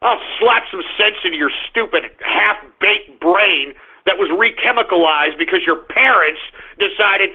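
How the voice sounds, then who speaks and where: High-pitched raspy man ranting angrily. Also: animated, unhurried. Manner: aggressive, shouting, insulting. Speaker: radio talk show host. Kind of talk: angry ranting monologue. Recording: muffled phone-line radio stream.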